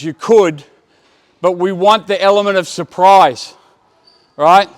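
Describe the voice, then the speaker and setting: A man running a basketball coaching clinic, giving brisk commands to players and explaining drills to the watching coaches. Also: high voice. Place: indoor basketball court.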